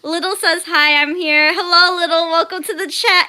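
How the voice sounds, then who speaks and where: A young woman with a high, unhurried voice hosts a casual art stream and reads viewers' messages aloud. Her tone is bright and light, and she breaks into laughter and squeals easily. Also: fairly even intonation. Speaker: art livestream host. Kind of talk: casual livestream chat while drawing.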